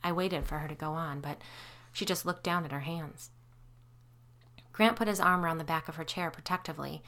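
Woman reading a creepy story, low voice, crisp and bright, steady suspense. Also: brisk, long pauses. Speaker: narrator. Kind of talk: audiobook story narration.

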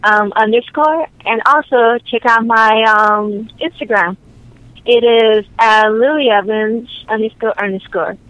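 A woman's voice: a little high, measured pace, a bit bright, no room sound, poor audio. A woman calling in to a radio show as a guest, giggly and hesitant in casual talk. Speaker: caller, guest. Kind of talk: casual phone interview.

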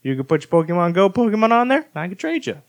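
Man, mid-range voice, animated, enthusiastic, casual podcast chat. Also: sits high, rapid-fire, no room sound. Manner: animated, enthusiastic gamer talk. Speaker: podcast co-host.

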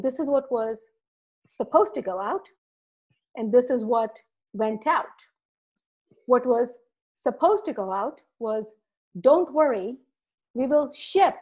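A woman podcast guest telling an animated story, acting out quotes and laughing often. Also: fairly high pitch, takes it slowly, pauses often. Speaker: podcast guest, marketing speaker.

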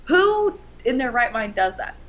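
Loud joking woman podcaster. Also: fairly high pitch, big pitch swings, measured pace. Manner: loud, joking, swears often. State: drinking. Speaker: podcast co-host. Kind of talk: casual chat.

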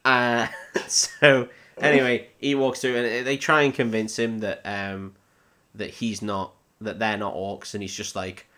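A man's voice: on the low side, little pitch movement, a little slow, sharp tone. A young man co-hosting a comedy podcast, recapping a film in a rambling, laughing, swearing chat. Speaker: podcast co-host.

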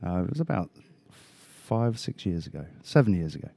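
A man's voice: low-pitched, very animated, moderate pace, vocal fry, warm tone. A man from Australia, a podcast guest, telling rambling stories in casual chat and laughing often.

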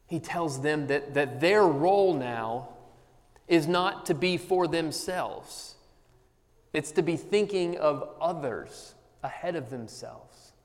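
Male pastor, slightly high voice, earnest sermon delivery, long hall reverb. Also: slow. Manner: earnest, emphatic, with sudden bursts of animated humor.

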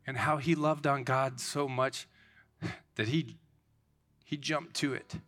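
A man's voice: mid-range voice, steady tone, slow pace, fairly bright tone. A man in his thirties giving an informal, earnest sermon, rambling with many restarts.

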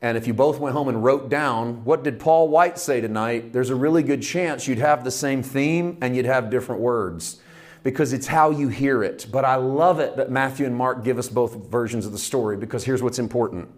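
Impassioned male preacher, hushed to loud. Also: mid-range voice. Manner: drawn-out emphatic phrases. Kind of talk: sermon.

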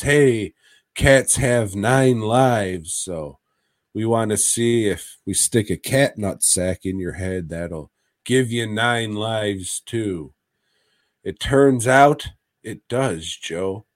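A man on a podcast jokingly and profanely recaps a horror episode. His voice sits low and he talks slowly, recorded dry and close. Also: a little mellow, dry recording. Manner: profane, jokey storytelling. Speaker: podcast co-host. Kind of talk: casual chat, retelling a horror episode.

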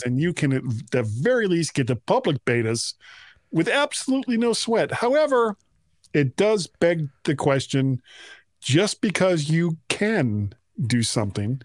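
A man's voice: on the high side, no room sound, studio quality. A man from the United States hosting a podcast, chatting playfully and often breaking off mid-sentence. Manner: playful, self-interrupting, mock-formal. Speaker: podcast host. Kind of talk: casual chat.

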